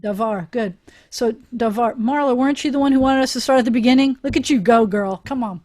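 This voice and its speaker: A woman's voice: fairly high pitch, brisk, darkish tone. Chatty woman rabbi teaching online. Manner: chatty, encouraging, laughs often. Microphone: video call.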